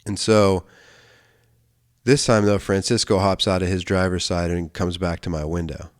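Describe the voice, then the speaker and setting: A man's voice: deep voice, level tone, normal speed. An American man hosting a podcast, telling a long personal story casually, rambling and profane with frequent restarts and self-corrections. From United States. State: emotional, near tears at times. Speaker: podcast host.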